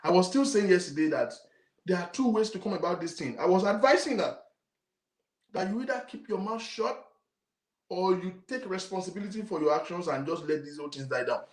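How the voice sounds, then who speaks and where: A man's voice: high-pitched, a little fast. A man with a Nigerian accent hosting his own talk show, ranting emphatically to viewers and repeating his points. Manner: emphatic, indignant, repeats himself, mixes in Yoruba. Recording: roomy echo.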